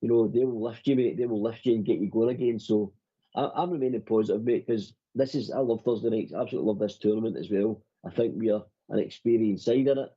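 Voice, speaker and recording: A man's voice: lowish voice, fast talker, dark tone, slightly rough. A man hosting a football fan phone-in, chatting casually and calling his co-host "mate" all the time. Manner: matey, calls the other man "mate" constantly. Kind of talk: casual chat. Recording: dull lo-fi audio.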